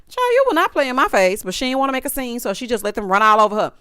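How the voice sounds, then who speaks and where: A woman's voice: fairly high pitch, sing-song, rapid-fire, pushed and bright, clear, resonant tone, no echo, studio quality. A woman giving a sassy, opinionated recap of a reality show and talking straight to her viewers. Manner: sassy, talks to viewers directly, acts out cast members' lines.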